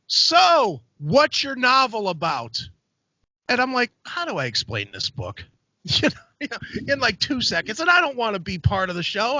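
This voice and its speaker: High, lively man telling a profane story. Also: no echo. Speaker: podcast host. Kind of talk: casual chat. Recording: dry, dull lo-fi sound.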